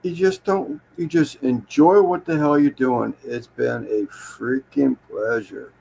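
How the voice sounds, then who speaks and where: A male guest in a casual chat who takes his time and presses each point home. His voice is gravelly, and a faint hiss of background noise sits under it. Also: medium pitch, expressive, darkish tone, low-quality recording. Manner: slow, emphatic and earnest.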